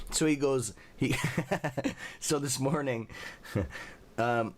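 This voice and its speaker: A man's voice: mid-range voice, takes it slowly, pauses often. A man hosting a livestream, telling rambling stories with a lot of profanity. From Canada. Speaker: livestream host. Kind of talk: casual livestream chat.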